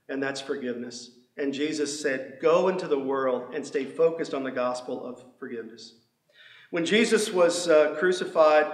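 A man's voice: a little high, fairly bright tone. Earnest middle-aged male pastor preaching. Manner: earnest preaching, acts out quoted prayers and speakers. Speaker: senior pastor. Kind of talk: sermon. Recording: echoey room.

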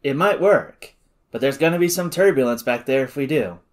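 A man's voice: medium pitch, expressive, normal speed, lightly acted. A man voicing a drawling army general. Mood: measured. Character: gruff drawling male general.

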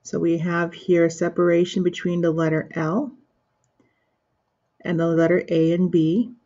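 Woman teaching syllables, husky and muffled. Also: fairly low pitch, steady tone, warm tone. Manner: addresses an imagined class, pauses for answers, many fillers. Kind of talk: classroom-style pronunciation lesson. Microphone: screen recorder with built-in microphone. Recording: dull lo-fi screen recording.

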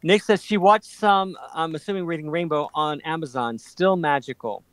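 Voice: medium pitch, moderate pace, no echo. A co-host on a casual craft livestream, chatty and reading out viewer comments.

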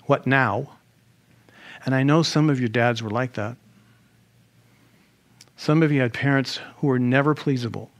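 Animated male pastor preaching. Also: mid-range voice, normal speed, long pauses. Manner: animated, rhetorical questions, humorous asides. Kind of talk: sermon.

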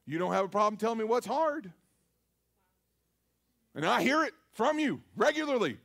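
A man preaches a sermon to a live congregation. His voice sits very high, and he delivers his points emphatically, calling on the congregation to answer back. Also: big pitch swings, normal speed, vocal fry, fairly bright tone. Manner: emphatic, call-and-response preaching. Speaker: pastor. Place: church service.

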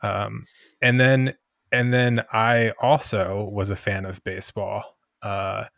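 A man who grew up near Washington, hosting a podcast in a measured, storytelling way. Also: fairly low pitch, flat delivery, gravelly, fairly bright tone, no echo, clean studio sound. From Washington DC area. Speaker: podcast host. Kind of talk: casual podcast chat.

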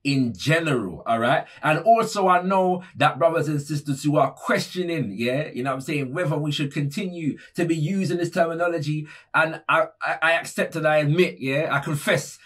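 A man's voice: on the high side, normal speed, few pauses, a bit bright, husky. A man presenting an explanatory talk, conversational, with frequent tag questions and fillers. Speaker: educator presenting a video series.

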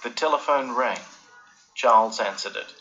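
A man narrating a storybook in an even, measured way. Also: mid-range voice, dull audio, faint music behind.

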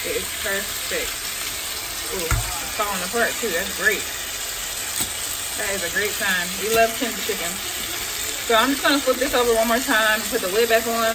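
A young woman athlete talking viewers through cooking a meal in her home kitchen. She chats in a relaxed, slangy way and speaks straight to the camera. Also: on the high side, a little hiss or hum, low-quality recording. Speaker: vlogger and athlete. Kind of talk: casual cooking vlog narration. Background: faint frying and sizzling.

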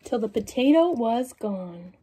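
A young woman reading a picture book aloud to children, in an animated storytelling manner and asking her young listeners questions. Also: on the high side, measured pace, slight background noise.

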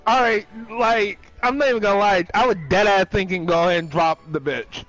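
A man's voice: high-pitched, brisk, hardly any pauses, lo-fi sound. A man chatting casually with a friend during a game, ranting with lots of swearing and laughter, with faint music behind. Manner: profane, animated, laughs a lot. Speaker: friend on voice chat. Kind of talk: casual gaming chat.

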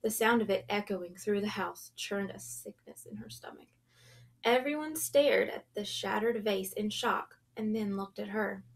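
A woman reading a children's novel aloud in a gentle storytelling manner, going soft and hushed at tense moments. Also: mid-range voice, a little slow. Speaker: audiobook reader.

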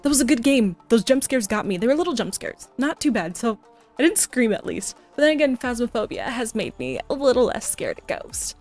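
A woman's voice: fairly high pitch, sing-song, a little fast, darkish tone. A young woman streaming a horror game, jumpy and talking to the game as she plays, often exclaiming and swearing at it. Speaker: gaming streamer. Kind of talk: horror game let's play commentary. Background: game music.

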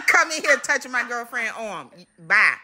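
A woman's fairly high, sing-song voice sounds pushed and bright, though she's unhurried. She's shooting a casual family vlog indoors at home on her phone, teasing and chanting for fun, and the phone recording is noisy.

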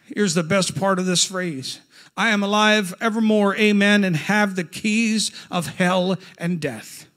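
A male pastor preaching a Pentecostal sermon, reading scripture aloud and building to fervent shouts. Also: high-pitched, takes it slowly.

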